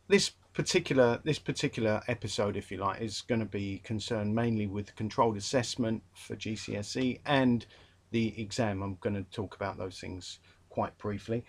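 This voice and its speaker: A man with a London accent giving a rambling, chatty revision talk to literature students, full of fillers and restarts, and emphatic about a pet peeve. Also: fairly low pitch. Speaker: English literature tutor.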